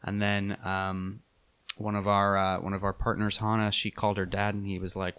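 Lowish-voiced man telling a travel story. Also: moderate pace, clear, resonant tone. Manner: animated, laughing, many fillers. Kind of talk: casual storytelling chat.

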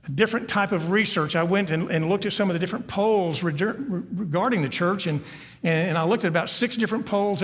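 Man, high voice, pastor's sermon, earnest, stumbles on repeated words, long church reverb. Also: fairly bright tone. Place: church sanctuary.

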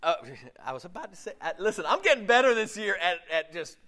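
A man delivers a relaxed, chatty sermon in a somewhat high voice that leaps and dips all over. He laughs easily, trails off and restarts his sentences, and drops into playful voices. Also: fast talker. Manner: animated, laughs often, jumps into playful voices; loose, self-interrupting, many fillers. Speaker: preacher. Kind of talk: casual conversational sermon.

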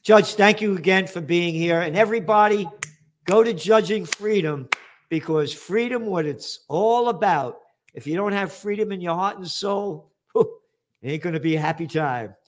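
A man's voice: high-pitched, moderate pace. A male host in heated political chat, impassioned and sarcastic.

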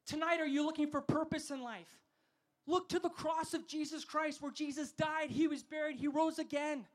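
A man preaching a sermon to a festival crowd, fervent and calling for responses, sometimes rising to shouts. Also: very high voice, steady tone, normal speed.

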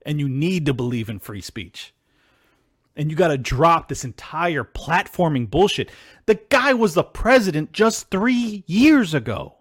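A man hosting a solo political podcast, ranting in a heated, profane, combative way that breaks into yelling. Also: a little high, very animated, unhurried, no room sound, studio quality. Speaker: podcast host.

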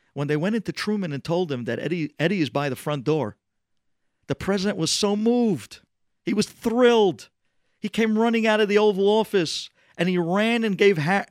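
Animated man telling a religious story. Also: sits high, normal speed, dry recording, clean studio sound. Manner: animated, swings between loud and hushed.

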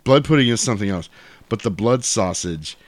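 A man hosting a podcast in casual, animated chat, laughing often and swearing freely. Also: fairly low pitch, fairly quick, no echo. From United States. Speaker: podcast host.

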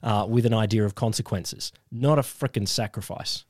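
A man's voice: lowish voice, moderate pace, darkish tone, no echo, clean studio sound. A man co-hosting a casual chat podcast, growing heated and tripping over his words as he argues. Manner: heated, stumbling restarts when worked up. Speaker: podcast co-host.

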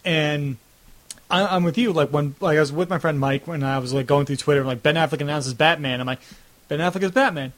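Chatty young man, fairly high voice. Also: brisk. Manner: rambling, heavy use of "like", acts out reactions. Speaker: host. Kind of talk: casual video-call chat. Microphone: video call.

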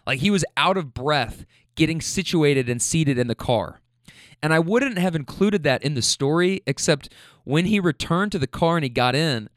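A man with a somewhat high voice recounts an anecdote in a loose, casual way. He is animated and laughs as he mimics the people he describes. The sound is close and dry. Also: no echo. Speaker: storyteller recounting a rideshare trip.

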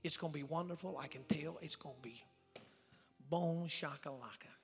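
A man preaching a sermon as a visiting evangelist, telling stories in a folksy way and acting out the dialogue, swinging from loud outbursts to hushed whispers. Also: on the high side, moderate pace, slightly rough, in a large hall, soft background music. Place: church sanctuary.

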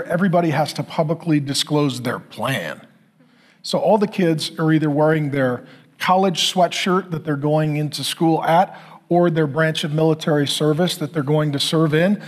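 Husky man in his forties preaching. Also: a little high. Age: 40s. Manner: animated, acts out dialogue with God and family. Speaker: pastor. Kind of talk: sermon storytelling.

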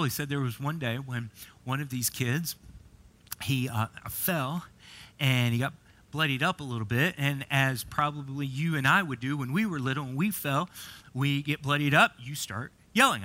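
A man's voice: medium pitch, normal speed, sharp tone. A middle-aged man preaching a sermon as pastor, telling a story and often repeating and restarting words.

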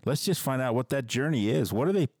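A man's voice: mid-range voice, lively intonation, fast talker, darkish tone, no echo. A man hosting a podcast interview, responding with interest and thinking aloud through examples. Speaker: podcast host.

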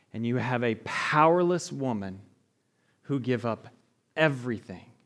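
A male pastor giving a conversational sermon, often asking "right?" and acting out the people in the story. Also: mid-range voice. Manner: conversational preaching, asks the room "right?", animated retellings.

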